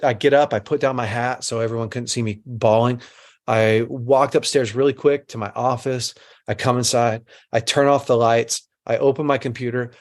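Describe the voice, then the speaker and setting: A middle-aged man giving an earnest teaching talk to a group, mixing instruction with a personal story and repeating phrases for emphasis. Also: mid-range voice.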